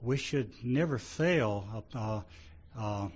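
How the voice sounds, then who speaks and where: A man preaching a sermon to his congregation, halting and full of restarts, rising loud when he reads scripture and dropping low between. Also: slightly rough. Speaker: pastor.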